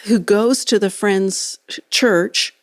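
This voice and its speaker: A woman's voice: mid-range voice, takes it slowly, no room sound. Woman co-host, casual chat, easygoing, laughs a lot, dry close sound. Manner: easygoing, laughs often, finishes the other's sentences. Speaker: podcast co-host.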